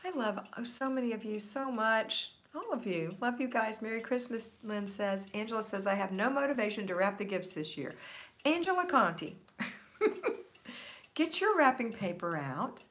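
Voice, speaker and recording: A woman's voice: a little high, animated, moderate pace, fairly bright tone. A woman hosting a casual livestream, reading viewer comments aloud and answering them in an upbeat, encouraging way. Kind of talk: casual live chat. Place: home, Florida.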